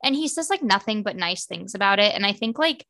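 A woman's voice: mid-range voice, animated, bright, forceful tone. A young woman in her twenties chatting casually as a podcast co-host, gushing and full of "like" fillers. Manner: fan-girly, quick, lots of "like" fillers. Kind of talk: casual chat.

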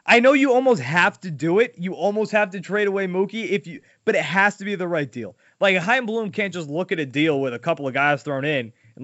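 Opinionated man, high voice, lo-fi. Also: lively intonation, a little fast, few pauses, a bit bright, no echo. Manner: opinionated, emphatic. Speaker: podcast host. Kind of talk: casual sports chat. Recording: dull lo-fi dry sound.

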